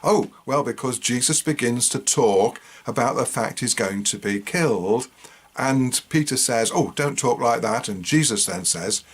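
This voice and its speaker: A man at a middle pitch talks through scripture in a casual, musing way. He often tags his remarks with rhetorical questions. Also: slightly rough. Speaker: host. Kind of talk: casual retelling and commentary on scripture.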